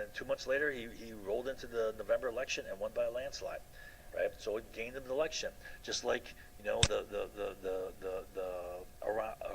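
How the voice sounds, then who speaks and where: Low-voiced man lecturing with restarts. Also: slight background noise, low-quality recording. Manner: rambling, frequent "right?" and restarts. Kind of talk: classroom lecture.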